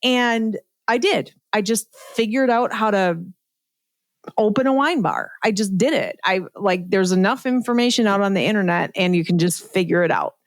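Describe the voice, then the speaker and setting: A middle-aged woman talks as a podcast guest, chatty and candid, tossing in "like" and "right?" and laughing at herself. Her voice sits in a middle pitch. The recording is dry and close with no room sound. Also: moderate pace, dry recording. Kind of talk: casual interview storytelling.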